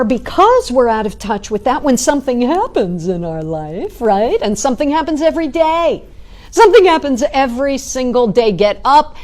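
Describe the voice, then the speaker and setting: A middle-aged woman, a spiritual teacher, giving a talk with animated storytelling and frequent "right?" asides. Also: high voice. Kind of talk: talk or sermon.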